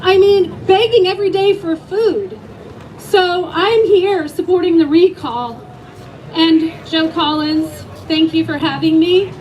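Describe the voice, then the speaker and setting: A woman's voice: very high-pitched, measured pace, a little mellow, poor audio. A middle-aged woman who owns a restaurant, giving an emotional speech at an outdoor rally and rising to rallying cries. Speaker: rally speaker, restaurant owner. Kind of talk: impassioned speech to a crowd.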